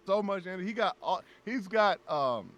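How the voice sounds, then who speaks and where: A man guesting on a casual podcast, telling lively stories and acting out what his friends said. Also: sits high, moderate pace. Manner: animated storyteller who acts out friends' lines. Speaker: guest voice actor.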